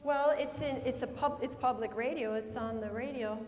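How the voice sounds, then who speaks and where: A woman comedian from Minnesota and Colorado fields audience questions after a stand-up show, repeating each one aloud as she chats with the crowd. Her voice sits on the high side and moves at a normal speed. It's a prison hall, and the recording is echoey with crowd noise.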